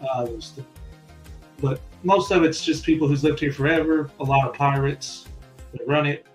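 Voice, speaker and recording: A man's voice: on the high side, fairly even intonation, moderate pace, faint music behind. A man running a tabletop game as game master, recapping and describing the setting in a loose, meandering way.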